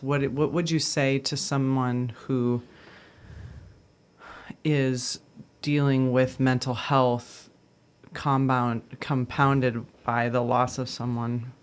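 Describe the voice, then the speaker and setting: A woman hosting a podcast, asking soft, measured interview questions. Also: rumbling low. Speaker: host.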